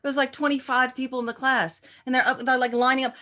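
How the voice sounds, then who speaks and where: A woman practitioner and teacher in a casual interview, telling animated stories and acting out quoted voices with many restarts. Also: fairly high pitch, fast, hardly any pauses.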